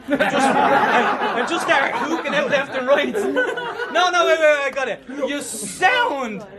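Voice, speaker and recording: High-voiced mocking battle rapper, man. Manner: taunting, mocking, laughs between bars. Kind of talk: performing rap battle verses. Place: outdoor event. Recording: noisy outdoor event.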